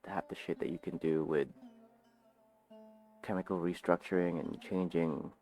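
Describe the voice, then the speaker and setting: A man with a very low voice talks casually at home right after waking up. He rambles and jumps between ideas, swearing now and then. Soft guitar music plays faintly behind him. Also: steady tone, measured pace. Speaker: aspiring author. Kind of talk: casual morning vlog, thinking aloud. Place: home, just woken up.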